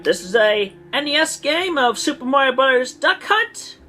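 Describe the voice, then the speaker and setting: A woman's voice: high-pitched, sing-song, normal speed, bright, forceful tone, faint music behind, full character voice. A woman in an archived clip ranting in a put-on, theatrical British-sounding accent, pompous and indignant. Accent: imitated British. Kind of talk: archived online video rant.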